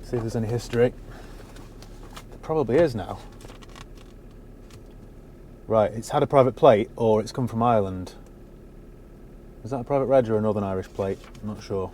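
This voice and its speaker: A man's voice: lowish voice, normal speed, long pauses, dark tone, slight background noise. A man giving a casual, dry-humoured walkaround of a used car he has bought, talking from inside the parked car on a cold day. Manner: dry, wry asides.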